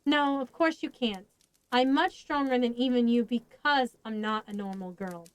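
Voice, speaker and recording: A woman's voice: on the high side, normal speed, smooth, no room sound, lightly acted. A woman voicing an earnest young monster girl in a storybook reading, speaking eagerly.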